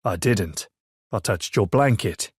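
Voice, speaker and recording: A man's voice: on the low side, expressive, takes it slowly, husky, dry recording, heavily acted. A man voicing a firm, protective brother who chides in a dry, matter-of-fact way, read for an audiobook. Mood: chiding. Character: stern, protective adult brother.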